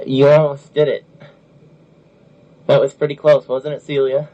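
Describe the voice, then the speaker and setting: In a loose, chatty podcast conversation, the male host laughs a lot and keeps restarting his thoughts. He has a warm, medium-pitched voice with little pitch movement and a slightly slow pace, heard through lo-fi audio with faint background noise.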